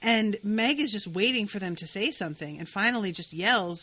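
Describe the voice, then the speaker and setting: A woman's voice: mid-range voice, moderate pace. A woman co-hosting a podcast, chatting casually about a book and acting out quoted lines as she retells scenes. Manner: animated, acts out quoted lines while retelling. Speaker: podcast co-host.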